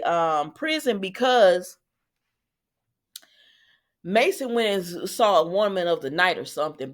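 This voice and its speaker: A woman casually recapping a soap opera episode, chatty and sassy, talking back to the characters. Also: on the low side.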